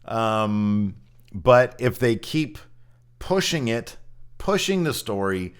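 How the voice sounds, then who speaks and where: A man's voice: mid-range voice, very animated, slow pace, clean tone. A man hosting a wrestling podcast, giving a blunt, opinionated recap in casual chat and swearing freely.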